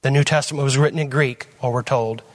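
A man preaching a teaching sermon in a church, firing off rhetorical questions, rising to loud emphasis and dropping to low asides. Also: steady tone, fast talker.

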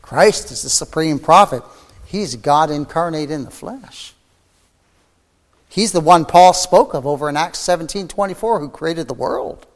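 Fervent male preacher, high voice, long hall reverb; surges then hushes. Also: expressive, a little slow. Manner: fervent preaching, soaring then dropping to a hush. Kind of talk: sermon.

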